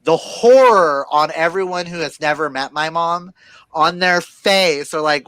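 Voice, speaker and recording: A man co-hosting a reading livestream, chatting casually and telling animated stories while laughing often. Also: fairly high pitch, normal speed, dry recording. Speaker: livestream co-host.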